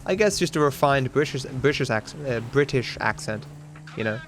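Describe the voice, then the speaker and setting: A man's voice: medium pitch, animated, normal speed, faint music behind. Rambling Australian man streaming a game. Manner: rambling, sweary, talks to chat. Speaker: streamer and speedrunner. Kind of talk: casual chat while gaming.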